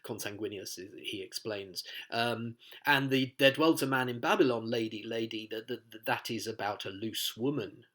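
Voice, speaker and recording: A man's voice: medium pitch, moderate pace, few pauses, fairly bright tone. A man teaching a play, explaining it line by line in a chatty way, with asides and quoted lines read aloud. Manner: reads quoted lines aloud in voices and sings snatches. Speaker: literature teacher.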